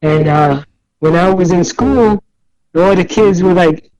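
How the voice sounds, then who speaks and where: This older New Yorker talks at a high, leisurely pitch as an interview guest, wandering through stories and voicing the other characters himself in quotes. The casual interview is animated, though crowd noise sits behind him and the highs are cut off.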